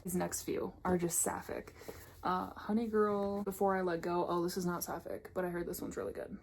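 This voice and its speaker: A woman's voice: on the low side, flat delivery, normal speed, creaky, darkish tone, a little hiss or hum. A young woman giving a casual, candid tour of her bookshelves, swearing freely as she talks. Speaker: book vlogger. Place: home room by her bookshelves. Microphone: camera on tripod.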